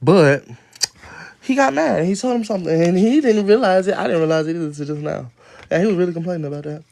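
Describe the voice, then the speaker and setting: A man's voice: high-pitched, quick pace, creaky, a little mellow. A man on a casual phone livestream reading a children's story at home, breaking off into rambling, profane asides and laughter. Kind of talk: casual livestream read-aloud with commentary. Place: at home, moving from outdoors to his room.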